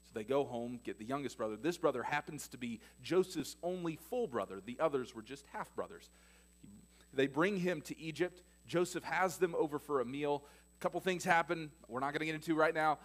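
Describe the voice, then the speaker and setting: Preaching a sermon in a church, a male pastor with a fairly high voice tells stories in an animated way, a little fast, and his delivery swings from emphatic and loud to hushed and quiet.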